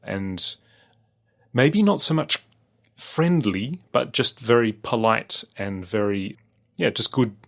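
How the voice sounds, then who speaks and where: A man's voice: mid-range voice, animated, slow, gravelly, fairly bright tone. A man with an Australian accent, co-hosting a podcast in casual chat, rambling with many fillers and restarts. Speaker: podcast co-host.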